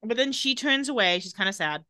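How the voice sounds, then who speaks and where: A woman's voice: fairly high pitch, animated, a little fast, bright, forceful tone, no echo, clean studio sound. A woman co-hosting a podcast, casually recapping a TV episode scene by scene and quoting the characters. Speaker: podcast co-host.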